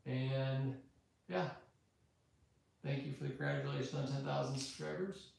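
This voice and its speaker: A man in his thirties talks through a casual live stream in a flat, monotone voice, wandering from thought to thought. His voice bounces around a very echoey room. Faint noise sits underneath. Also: medium pitch, normal speed, vocal fry. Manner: monotone, rambling. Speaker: YouTube host.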